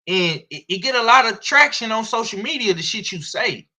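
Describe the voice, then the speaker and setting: A man with a Southern US accent giving blunt, slangy, profane boxing commentary in a casual, animated way. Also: high-pitched, moderate pace.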